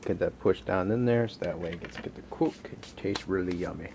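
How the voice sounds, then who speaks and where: A man's voice: low voice, a little fast, background noise. A man hosting a casual home cooking vlog from his kitchen, rambling and joking as he cooks and chats to his dog.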